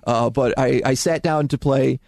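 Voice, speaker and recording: A man co-hosting a casual gaming podcast, telling rambling stories at a quick clip. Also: medium pitch, gravelly, a little mellow, no room sound, clean studio sound. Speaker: podcast co-host. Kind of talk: casual chat. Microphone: close studio mic.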